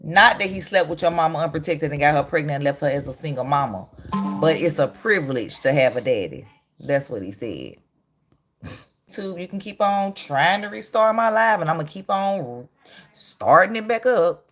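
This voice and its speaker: A woman's voice: sits low, animated, moderate pace, fairly bright tone. A woman in her thirties hosting a casual livestream, reacting in a blunt, mocking and heated way. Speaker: livestream host. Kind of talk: casual live-stream commentary.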